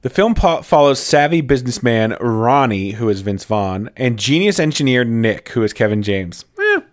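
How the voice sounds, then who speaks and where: A man's voice: mid-range voice, big pitch swings, moderate pace. A man co-hosting a comedy film podcast in casual chat, playful and riffing. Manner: playful, riffs and repeats phrases. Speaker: podcast co-host.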